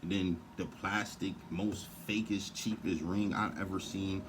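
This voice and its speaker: Deep-voiced man ranting profanely. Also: steady tone, a little slow, background noise. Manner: profane, heated and rambling. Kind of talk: casual rant to camera.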